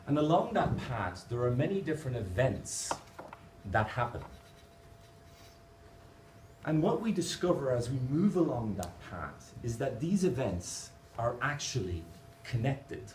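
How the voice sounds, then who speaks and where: Irish man, playful conference talk, lively intonation, noisy background. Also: mid-range voice, unhurried. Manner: playful, explaining his own drawings. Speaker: conference speaker. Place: large conference hall. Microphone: distant camera. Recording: echoey hall from far off, noisy.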